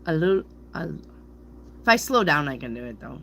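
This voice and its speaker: A woman's voice: sits low, sing-song, normal speed, gravelly, a bit bright, slight background noise. A middle-aged woman, a tarot reader, chatting casually to her viewers, playfully tripping over hard words and laughing at herself. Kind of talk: casual rambling chat to viewers.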